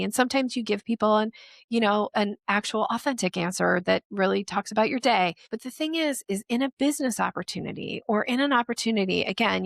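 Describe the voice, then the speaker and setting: Woman, sales strategist, podcast guest, animated delivery, slips into quoted voices, mid pitch, raspy edge. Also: no echo, studio quality. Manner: lively, acts out quoted voices. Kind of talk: podcast interview guest explaining.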